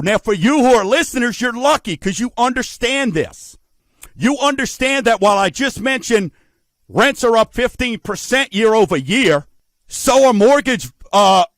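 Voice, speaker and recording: A man's voice: very high-pitched, fairly bright tone, dry recording. A middle-aged man hosting a radio talk show about mortgages, folksy and emphatic, asking rhetorical questions. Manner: folksy, addresses listeners as folks.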